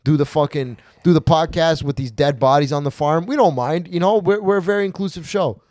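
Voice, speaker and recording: A man's voice: a little high, brisk, a little mellow, dry recording, clean studio sound. A young man hosting a podcast, telling a crude story in casual chat and swearing often. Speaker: podcast host.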